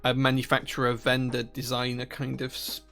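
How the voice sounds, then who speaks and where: A Northern Irish man with a gravelly, mid-pitched voice, talking casually to viewers on a live stream. He rambles, restarts sentences and fills pauses with "um" as he thinks aloud. Faint music plays quietly in the background. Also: completely flat delivery. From Northern Ireland. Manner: rambling, many restarts and fillers. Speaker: livestream host. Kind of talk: casual live-stream chat, reading chat questions.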